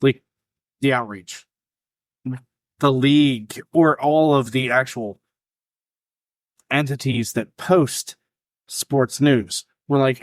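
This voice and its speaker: A male podcast co-host talks sports in a blunt, profane, joking way. His pitch is middling. The sound is dry and close. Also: slow, pauses often, no echo. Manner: blunt, profane, jokey banter. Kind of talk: casual sports chat.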